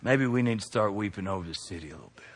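Preacher in a reverberant hall. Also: male voice, animated, rapid-fire, husky. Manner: call-and-response preaching, rises high and loud then drops low. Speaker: pastor. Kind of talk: sermon.

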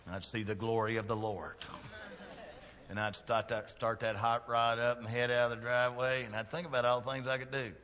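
A middle-aged man, preaching a sermon in a church with folksy jokes and big swings in loudness. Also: mid-range voice, little pitch movement, a little fast, in a large hall. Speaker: pastor. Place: church sanctuary.

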